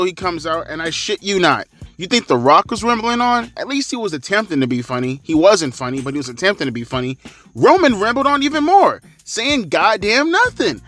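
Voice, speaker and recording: A man in his thirties rants about wrestling in a sarcastic, foul-mouthed way. His voice sits a bit high for a man and comes across forceful and tense. Faint music plays behind him. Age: 30s. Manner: profane, sarcastic, ranting. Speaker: wrestling commentator. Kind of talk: ranting commentary.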